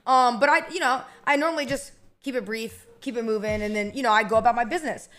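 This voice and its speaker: A woman's voice: on the high side, fast, fairly bright tone. A woman streamer in casual chat, rambling and chatty with lots of fillers and restarts.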